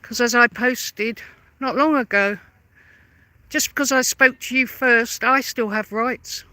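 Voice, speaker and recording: Sharp, combative woman ranting. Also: on the high side, unhurried, no echo. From London. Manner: confrontational, sarcastic, repeats pointed questions. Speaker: vlogger. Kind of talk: angry rebuttal rant to camera.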